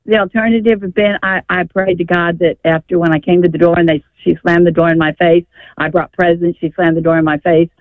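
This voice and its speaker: A woman's voice: fairly low pitch, steady tone, brisk, no echo. Older woman caller on a tinny phone. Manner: rambling, emphatic storytelling. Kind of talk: call-in radio chat. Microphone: telephone.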